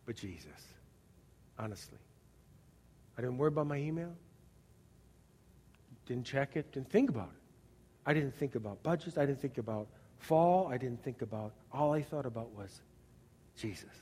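A man preaching a sermon as pastor, animated, acting out little scenes and swinging from loud bursts to quiet asides. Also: mid-range voice, husky. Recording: long reverb of a large hall.

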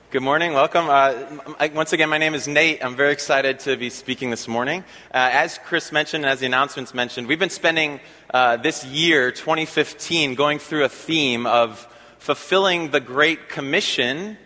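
A man preaching in a church, his bright voice sitting a little high for a man. He talks in a relaxed, conversational way with fillers, then slows right down to press key phrases home. The room adds a long hall reverb behind every word. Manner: conversational preaching with fillers and slow emphatic repeats. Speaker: pastor. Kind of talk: sermon. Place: church sanctuary.

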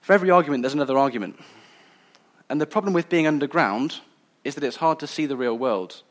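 A man's voice: fairly high pitch, quick pace. A man giving a sermon in an earnest, conversational way. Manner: earnest, conversational, some restarts. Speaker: preacher.

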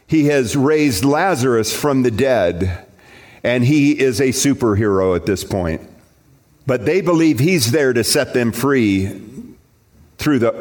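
A male pastor preaching a sermon in a church, telling stories in an earnest tone. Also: mid-range voice. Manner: storytelling, earnest.

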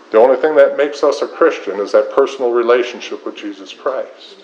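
A man's voice: mid-range voice, brisk, few pauses, a little mellow. A middle-aged man preaching a sermon in an earnest style, building points through repetition. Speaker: pastor. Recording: slightly dull lo-fi sound.

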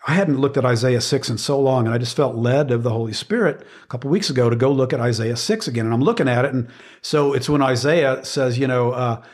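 A man's voice: medium pitch, fast, a little mellow. Middle-aged man, plain mid-range voice, earnest conversational Bible teacher, emphatic with frequent restarts. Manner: earnest, emphatic, repeats words while searching for phrasing.

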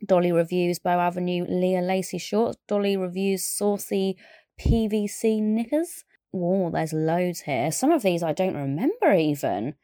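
A young woman with a strong southern English accent talks in a chatty, enthusiastic way, full of asides and little fillers. Her voice sits a little low, and the recording is close and dry with no room sound. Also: expressive, unhurried, mellow, no echo. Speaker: podcast presenter. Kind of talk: casual chat.

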